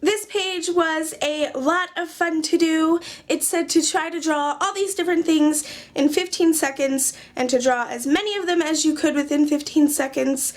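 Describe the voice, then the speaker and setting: A woman's voice: high voice, moderate pace. A young woman casually chatting through her journal pages in a vlog, joking at herself with dry sarcasm. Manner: chatty, self-mocking, sarcastic jokes. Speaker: craft journaling vlogger. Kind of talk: casual chat.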